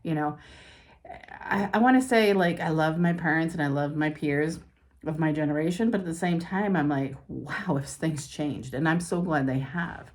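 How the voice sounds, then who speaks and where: Low-voiced middle-aged woman life coach. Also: normal speed. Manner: candid and confiding, talks through her feelings. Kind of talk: personal talk to camera.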